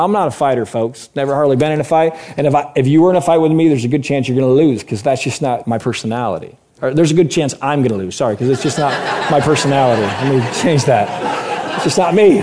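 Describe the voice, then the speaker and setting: A man in his late thirties, an animated preacher telling a personal story to a congregation and swinging from loud to hushed. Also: mid-range voice, slight background noise.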